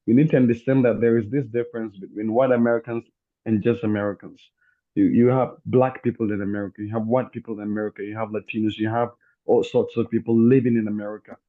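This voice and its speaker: A man's voice: lowish voice, flat delivery, fast talker. A man in an online debate, talking insistently and repeating his questions. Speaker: debate guest. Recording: tinny phone-like line.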